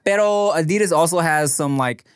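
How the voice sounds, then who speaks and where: A man's voice: fairly high pitch, fairly quick, smooth, dry recording, clean studio sound. A man co-hosting a podcast, chatting casually, laughing and slipping into sing-song storytelling. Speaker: podcast co-host.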